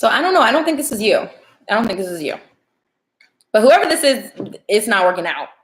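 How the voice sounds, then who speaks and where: A woman's voice: fairly high pitch, sing-song, a little fast, slight background noise. A young woman doing a casual, playful tarot reading on a livestream, chatting straight to her viewers. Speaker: tarot reader.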